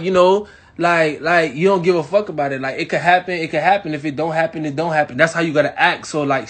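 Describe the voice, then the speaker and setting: A young man from Miami telling a crude story to his live audience, animated and swinging between loud bursts and hushed asides. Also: fairly high pitch. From Miami, Florida. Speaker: livestream host.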